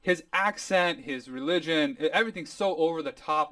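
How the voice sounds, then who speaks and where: Man, podcast host, casual chat, animated and mocking, slightly distant dry mic. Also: fairly high pitch, normal speed, dry recording.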